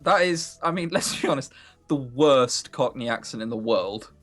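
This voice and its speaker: A man's voice: medium pitch, lively intonation, normal speed, fairly bright tone, faint music behind. A young man from Sussex with a southern English accent, hosting a game stream in casual, joking chat and laughing often. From Sussex, England. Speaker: let's play host.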